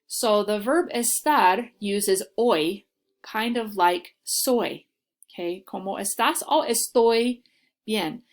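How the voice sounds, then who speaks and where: A woman's voice: medium pitch, slow. A woman teacher giving a recorded lesson, explaining step by step and checking in with "okay?". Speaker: Spanish teacher.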